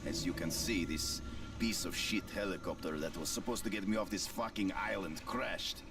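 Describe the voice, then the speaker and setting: An actor playing a gruff, cynical Russian man in a video game, speaking with a put-on Russian accent. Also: low-pitched, moderate pace, recorded from a distance, music in the background. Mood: bitter.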